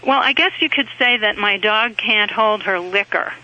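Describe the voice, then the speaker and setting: A woman calls a radio show over a phone line to describe her dog's behavior. She speaks in a wry, chatty way, and her voice comes through sharp and very bright. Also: mid-range voice, normal speed. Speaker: caller. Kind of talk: radio call-in question.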